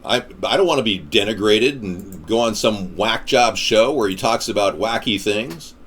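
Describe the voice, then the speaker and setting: A man's voice: lowish voice, animated, moderate pace, fairly bright tone, husky. A man delivering a ranting political monologue in a combative, sarcastic manner. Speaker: political commentator.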